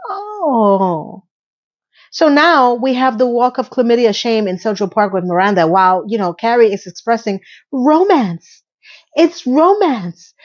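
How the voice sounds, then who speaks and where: A woman's voice: fairly high pitch, dull audio. Chatty, sassy woman recapping a show. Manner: chatty and sassy, with playful asides and self-corrections. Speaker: video host. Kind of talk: casual episode recap commentary.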